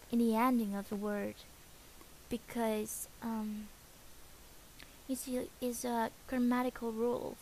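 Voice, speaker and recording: A woman from Vietnam with a Vietnamese accent, explaining pronunciation in a casual video tutorial. She pauses often and hesitates, with soft, breathy asides. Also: mid-range voice, slight background noise, low-quality recording.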